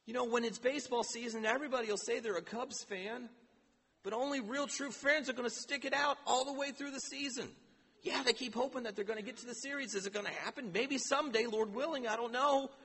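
A pastor preaching a sermon, emphatic and full of rhetorical questions. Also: male voice, very high voice, fairly bright tone, husky. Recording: long hall reverb.

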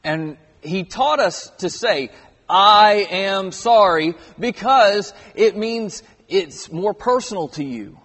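High-voiced preacher in a reverberant hall. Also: male voice, expressive, slow, few pauses, breathy edge. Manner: earnest, builds emphasis on key words. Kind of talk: sermon. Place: church auditorium.

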